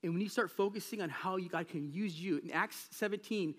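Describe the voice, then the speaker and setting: A man preaching a sermon as pastor of a church, talking in a relaxed, conversational way and telling stories from everyday life. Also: sits high, fairly quick. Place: church sanctuary. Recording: long reverb of a large hall.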